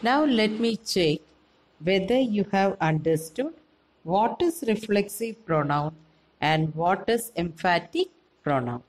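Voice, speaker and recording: Indian english lady teacher going over grammar, slow and super clear, voice bounces up and down a lot. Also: medium pitch, lively intonation, darkish tone, rough recording. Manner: slow, clear explaining with questions to pupils. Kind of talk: classroom grammar lesson.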